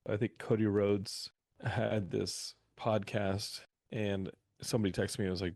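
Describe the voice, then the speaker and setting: A man on a podcast as a guest, telling animated stories in a casual interview. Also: fairly low pitch, measured pace, gravelly, no echo. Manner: animated anecdotal storyteller.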